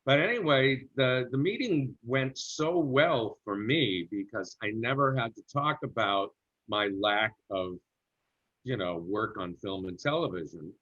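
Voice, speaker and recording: A middle-aged man in an interview recounts a story from his acting career in a medium-pitched, slightly bright, unhurried voice. He's a chatty, anecdotal storyteller who slips into character voices for quotes, and the recording sounds muffled and lo-fi.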